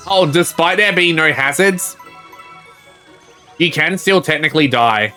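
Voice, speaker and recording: A male game streamer talking through his play in a loose, rambling way, often reading the characters' lines aloud. His voice is bright and a touch high, with faint game music behind him. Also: expressive, unhurried, pauses often. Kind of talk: casual gameplay commentary.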